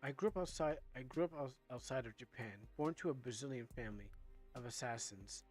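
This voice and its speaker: Man reading as a young male game character, serious, halting, plain voice. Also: mid-range voice, darkish tone, faint music behind, lightly acted. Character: young man recounting his assassin-family past.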